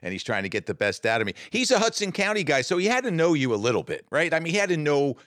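A man's voice: a little high, very animated, quick pace, a bit bright, no echo, clean studio sound. A male host running a casual interview who affirms the guest's points and often ends them with tag questions.

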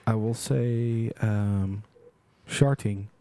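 A man's voice: lowish voice, very slow, mellow. A man making dry, wisecracking remarks in casual chat with friends.

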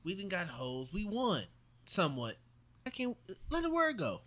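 A man's voice: high-pitched, huge pitch swings, moderate pace, a bit bright. Provocative young man joking around. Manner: joking, provocative, laughs often. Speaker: podcast co-host. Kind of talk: casual chat.

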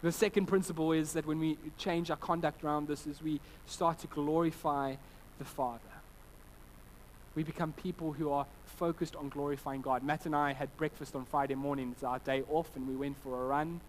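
A man's voice: fairly high pitch, moderate pace, a little hiss or hum, poor audio. Man preaching a conversational sermon. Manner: conversational preaching with anecdotes, frequent restarts and animated quoted voices. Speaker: pastor.

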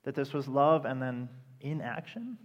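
A man's voice: mid-range voice, big pitch swings, a little slow, dull audio. Impassioned preacher man in a reverberant hall. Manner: impassioned, rising to loud emphatic peaks. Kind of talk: sermon.

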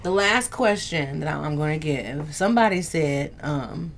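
A woman's voice: deep voice, expressive, unhurried, hardly any pauses. A young woman hosting a casual livestream, bantering with viewers, reading their comments aloud and laughing often. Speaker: livestream host. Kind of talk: casual live chat.

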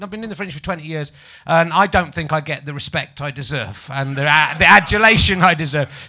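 Recorded in a small live venue with an audience, a Yorkshire man in his forties hosts a comedy podcast, his bright, fairly high voice carrying a light Yorkshire English accent. He talks loosely, pokes fun at himself, and needles the people watching.

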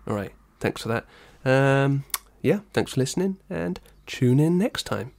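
A man from Dorset co-hosting a podcast in casual chat, hungover. He talks in a dry, deadpan way, setting up quizzes and wry remarks. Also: medium pitch, measured pace, vocal fry. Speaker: podcast co-host.

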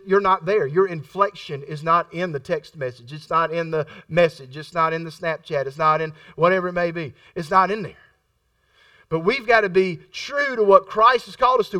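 Male preacher, middle-aged, high voice, forceful tone, conversational sermon, distant dry mic. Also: dry recording. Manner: conversational, repeats phrases for emphasis; acts out quoted voices in his storytelling.

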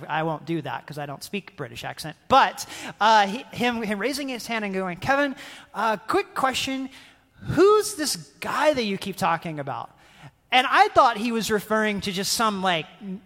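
A man's voice: sits high, bright, forceful tone. A young man from the South, giving a casual, conversational sermon as a guest speaker, keeps checking in with "right?" and acting out quotes. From North Carolina, American South. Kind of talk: youth sermon. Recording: long hall reverb.

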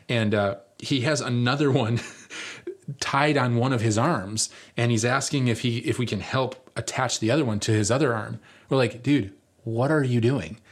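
A man preaching as lead pastor, telling a story in a casual, rambling way with fillers. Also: on the low side. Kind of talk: storytelling sermon.

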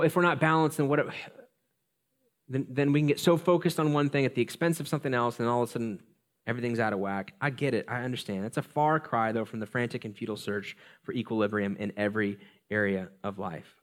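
A male pastor delivering a sermon in a relaxed, chatty voice. He wanders into personal anecdotes and jokes at his own expense, with an ordinary mid-range pitch. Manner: conversational, self-deprecating, animated storytelling.

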